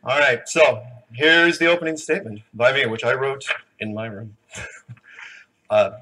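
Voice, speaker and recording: Male conference speaker, bright forceful tone, earnest and emotional. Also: medium pitch, a little slow, low-quality recording. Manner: emotional, earnest, prone to laughing. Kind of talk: live conference talk and Q&A. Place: large conference hall.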